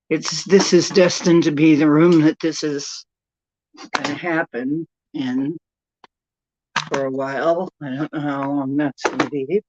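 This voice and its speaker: A woman's voice: low-pitched, darkish tone, a little hiss or hum. A woman hosting a casual live stream from a room at home, chatty and rambling as she greets viewers by name. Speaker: livestream host. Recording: dull lo-fi stream audio.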